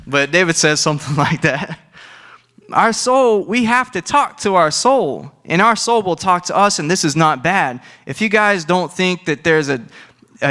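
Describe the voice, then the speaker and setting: Bright, clear-voiced male preacher. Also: fairly high pitch. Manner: casual, conversational preaching with restarts and asides. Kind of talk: sermon.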